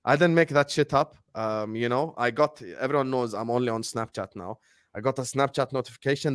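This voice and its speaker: A man's voice: medium pitch, brisk, clear, resonant tone. A man hosting a casual live stream over a video call, introducing guests with playful banter and teasing. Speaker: host. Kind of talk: casual chat. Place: home studio, virtual stadium background. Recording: dry, close with no room echo.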